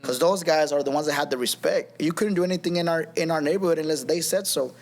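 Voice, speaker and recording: A man's voice: fairly high pitch, fast. A man in his thirties, a podcast guest, telling his personal testimony in a rambling casual way, full of restarts and "you know what I mean".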